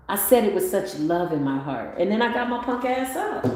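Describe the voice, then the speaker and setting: A woman giving a motivational spiritual talk on a livestream, animated and swinging up into excited exclamations. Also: medium pitch, fairly quick. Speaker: spiritual tarot reader. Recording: very echoey room with faint ambient noise.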